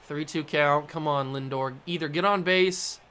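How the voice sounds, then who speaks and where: A man's voice: on the high side, normal speed, sharp tone, soft background music. A young man commentating his own baseball video game play, self-deprecating and exasperated at his mistakes. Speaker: gaming YouTuber host. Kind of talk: gameplay commentary.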